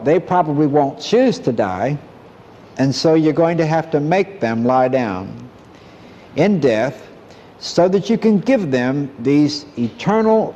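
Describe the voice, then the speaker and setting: A man giving an earnest, measured Bible lesson and quoting verses as he teaches. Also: mid-range voice, dark tone, in a large hall, lo-fi sound.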